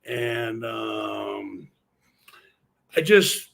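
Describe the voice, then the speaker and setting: A man's voice: fairly low pitch, lively intonation, very slow, vocal fry, fairly bright tone. Man, former wrestler, interview guest, casual storytelling, heavy swearing, rambling.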